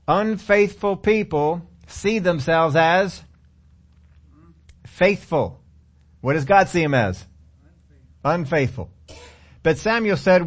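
A man's voice: on the high side, lively intonation, slow. A man preaching a sermon, reading scripture aloud and then commenting on it.

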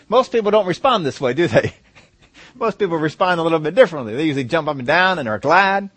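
A male pastor giving a sermon, reading scripture aloud and explaining it with animated asides to the congregation. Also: fairly high pitch, fast talker.

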